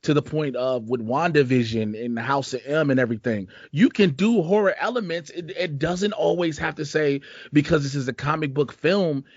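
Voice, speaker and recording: A man's voice: on the high side, normal speed, dry recording. A man from Chicago hosting a casual podcast, rambling in a laid-back, profane way with plenty of slang. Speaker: podcast host. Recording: dull lo-fi dry sound.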